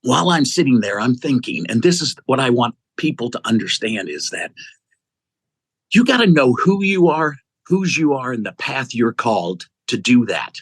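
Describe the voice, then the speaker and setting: Bright, animated storytelling man. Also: medium pitch, normal speed, breathy edge, dry recording. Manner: animated storyteller, acting out quotes. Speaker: guest, executive search CEO. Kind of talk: storytelling in an interview.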